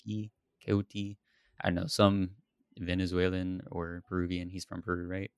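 This podcast co-host has a deep, smooth voice and a moderate pace, recorded at studio quality without room sound. He rambles in a relaxed way about a TV series, laughing frequently in casual talk.

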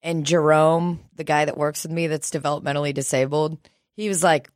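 A woman's voice: deep voice, steady tone, normal speed, no echo, clean studio sound. Crude, laughing woman in casual chat. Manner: crude, laughs often, acts out quotes.

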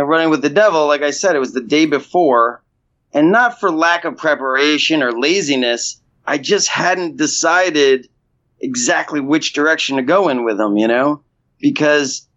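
A man with a fairly high voice talks through his answers, circling back and restarting his sentences. His delivery is loose and conversational. The recording sounds dull and lo-fi. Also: a bit bright. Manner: rambling, restarts, frequent "you know". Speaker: actor, interview guest. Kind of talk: casual interview talk.

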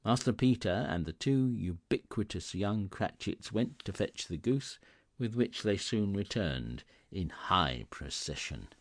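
Creaky, expressive male storyteller. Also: lowish voice, measured pace, no echo, studio quality. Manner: expressive, theatrical. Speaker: narrator. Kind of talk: dramatic reading of a classic novel.

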